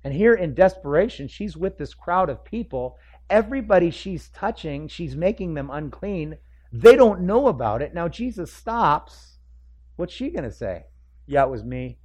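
A middle-aged man preaching a sermon, acting out the people in the story in quick joking asides. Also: sits high, very animated, a little mellow. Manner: acts out the crowd and figures in quick asides, joking. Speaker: pastor. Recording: dull lo-fi sound.

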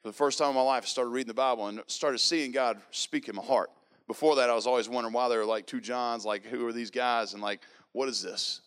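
A man in his thirties recounts his faith testimony with earnest storytelling and lively quoted dialogue. He talks quickly in a clear, resonant, medium-pitched voice.

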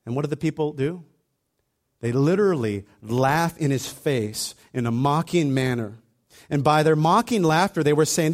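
A man preaching a sermon in a conversational, animated way, acting out little asides as he retells the story. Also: fairly high pitch, normal speed.

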